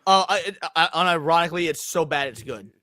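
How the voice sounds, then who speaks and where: A contrarian man who argues his point quickly, with words tumbling out at speed. His voice sits a touch high for a man, and the sound is dry and close to the mic. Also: expressive, pushed and bright, no echo. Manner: argumentative, contrarian. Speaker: panelist. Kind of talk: casual panel debate.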